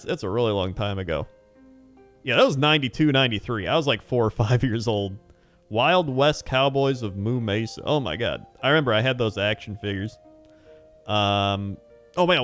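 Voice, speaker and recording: A man in his thirties talks through a long personal story in a loose, rambling vlog style, dotted with fillers and easy laughter. His voice sits at an ordinary middle pitch, and faint music plays quietly behind him. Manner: rambling, chatty, laughs often, many fillers. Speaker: hobby channel host. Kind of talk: casual storytelling.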